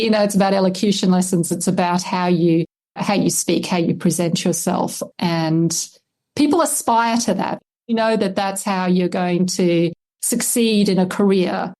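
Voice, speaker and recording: A middle-aged woman with an Australian accent speaks as an interview guest, laying out her points carefully. She explains at length and softens claims with small hedges as she goes. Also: lowish voice. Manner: thoughtful, explanatory, hedges with "I guess". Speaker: historian and lexicographer guest. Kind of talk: conversational interview answers.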